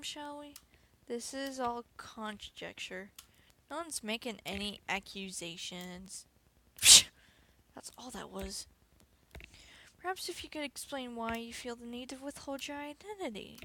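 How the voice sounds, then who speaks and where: A woman voicing a calm, polite male detective in a game, measured and courteous. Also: on the high side, a little hiss or hum, exaggerated voice. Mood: soothing.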